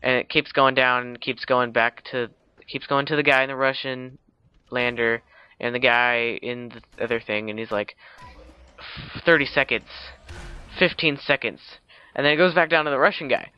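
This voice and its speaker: A man's voice: mid-range voice, normal speed, clean tone. A young man casually recapping a film, rambling with lots of fillers and self-corrections. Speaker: video uploader. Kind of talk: casual movie recap vlog. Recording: dull lo-fi home recording.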